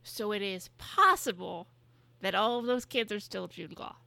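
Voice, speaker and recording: A young woman co-hosting a podcast in casual chat, talking fast with lots of fillers and swearing. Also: medium pitch, gravelly, bright, forceful tone, dry recording. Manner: chatty, swears, many fillers. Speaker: podcast co-host.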